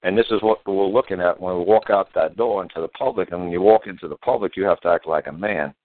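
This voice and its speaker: Over a tinny phone line with no room sound, an older radio host talks quickly in a low voice. The chat is casual, and his style is folksy, plain, blunt and repetitive.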